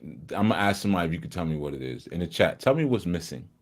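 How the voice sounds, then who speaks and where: A man hosting a live study session in a casual, joking way, laughing often and moving between loud and hushed talk. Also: deep voice, big pitch swings, rapid-fire. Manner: teasing, joking with the chat.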